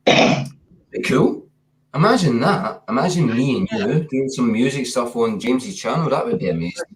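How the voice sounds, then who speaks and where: A man's voice: medium pitch, lively intonation, moderate pace. A man with a Scottish accent chatting casually as a livestream guest, laid-back and swearing freely. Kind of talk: casual chat.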